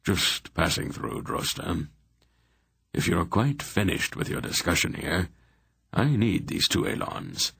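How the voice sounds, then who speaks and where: A man voicing a calm, wry old male sorcerer in an audiobook, speaking in an unhurried way. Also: sits low, creaky, slightly rough, no room sound, studio quality, heavily acted.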